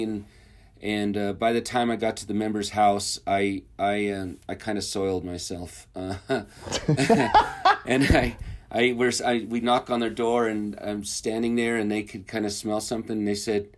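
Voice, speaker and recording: A man's voice: lowish voice, steady tone, moderate pace. A man telling his missionary stories in a casual interview, rambling and chuckling, with many fillers and restarts.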